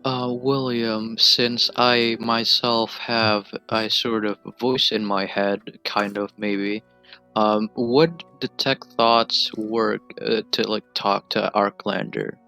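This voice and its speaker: A man's voice: on the low side, level tone, slow pace, gravelly, pushed and bright, soft background music. A man talking hesitantly with many fillers as a player in a casual tabletop game.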